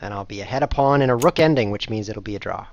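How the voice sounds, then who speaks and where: A man hosting his show, commentating live on his own online blitz chess games in a jokey, self-mocking way with sudden excited outbursts. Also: on the low side, fast, dull audio. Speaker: chess streamer and show host.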